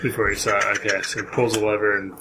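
A man playing a tabletop game, asking questions and trading quick jokes with the table. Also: fairly low pitch, flat delivery, background noise. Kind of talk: casual game-table chat.

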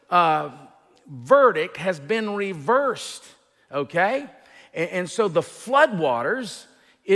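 A man preaching an expository sermon as a pastor, teaching in an unhurried way with fillers and restarts and rising emphasis on key points. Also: fairly high pitch, fairly bright tone, in a large hall.

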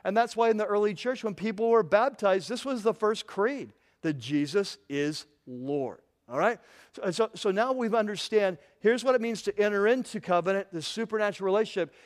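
A man preaching a sermon as pastor, asking his listeners pointed questions and building to impassioned, loud stretches. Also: high voice, a little fast. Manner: impassioned, repeats questions, grows loud and intense.

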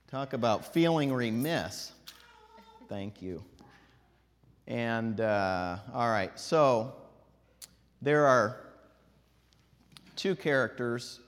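A man teaching a group, animated, singing out drawn vowels to show how the pitch moves. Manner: animated, demonstrates tones by singing out long vowels. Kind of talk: classroom lesson. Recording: long hall reverb.

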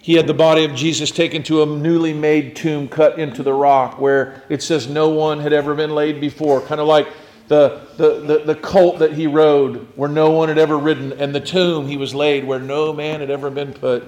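A man preaching a sermon, retelling scripture in a reflective storytelling way, often dropping to a near hush. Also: a little high, level tone, moderate pace.

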